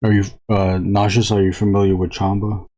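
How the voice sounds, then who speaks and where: Mellow low-voiced man chatting on stream. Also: little pitch movement. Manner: rambling, halting, frequent restarts and fillers. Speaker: illustrator live-streaming. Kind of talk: casual live-stream chat while drawing.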